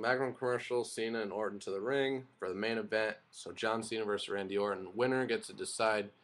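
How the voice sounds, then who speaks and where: A young man with a fairly low voice recaps a wrestling show in a loose, rambling way. He is opinionated and sprinkles his talk with fillers and self-corrections. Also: a bit bright. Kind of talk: casual spoken recap and review.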